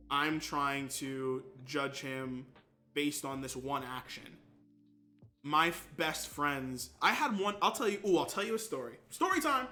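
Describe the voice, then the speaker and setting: A young man with a fairly high, bright, forceful voice chats casually with his stream viewers. He tells stories in an animated way and acts out quoted lines with big leaps in pitch. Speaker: gaming streamer.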